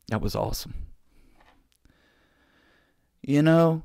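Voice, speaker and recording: A man hosting a podcast, telling stories in an excitable, slangy way, full of dude and bro. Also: medium pitch, a little slow, vocal fry, no room sound, clean studio sound. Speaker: podcast host. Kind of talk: casual storytelling.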